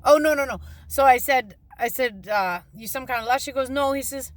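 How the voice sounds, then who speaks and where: A woman's voice: sits high, fairly quick, hardly any pauses, dry recording. Middle-aged woman, casual storytelling, blunt and salty, dry close sound. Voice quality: blunt, salty, animated, acts out quoted lines. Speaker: storyteller on her own channel.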